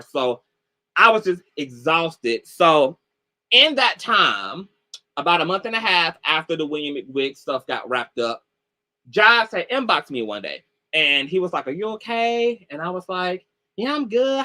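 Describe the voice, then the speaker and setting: A man's voice: a little high, lively intonation, normal speed, sharp tone. A man commentator casually recounting a story on a livestream call, talking loosely with lots of "like" and "y'all". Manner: loose, chatty, heavy on "like" and "y'all". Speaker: online commentator.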